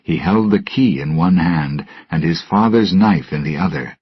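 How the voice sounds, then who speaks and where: A man narrating a storybook with a slow, careful reading manner, recorded dull and lo-fi. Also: low voice, expressive, husky, no echo. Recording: dull lo-fi, dry.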